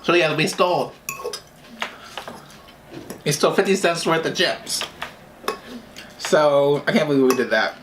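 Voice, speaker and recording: A man's voice: fairly high pitch, animated, a little slow, pauses often, background noise. Chatty man telling stories over a meal. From New Jersey. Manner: chatty, laughs often, eating while talking. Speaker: vlogger. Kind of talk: casual storytelling during a mukbang.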